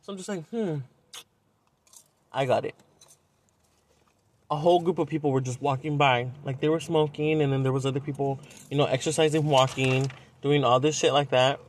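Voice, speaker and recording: A man's voice: on the high side, fairly even intonation, moderate pace, long pauses. A young man from Southern California, telling a dating story on a podcast in a blunt, profane, casual way. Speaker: podcast host.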